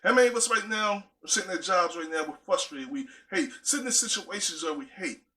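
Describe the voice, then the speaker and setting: Casual emphatic guy giving a motivational talk, bright voice, a bit high. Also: expressive, fairly quick. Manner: emphatic, repetitive, conversational. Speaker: motivational speaker.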